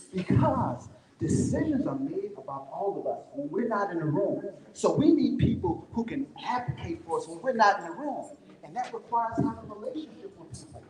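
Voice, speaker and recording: A fairly high-voiced man gives a folksy motivational talk to a live crowd. His voice rings through a large hall with a long, roomy reverb. He tells his story as if chatting with the room. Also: a little mellow. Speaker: conference speaker.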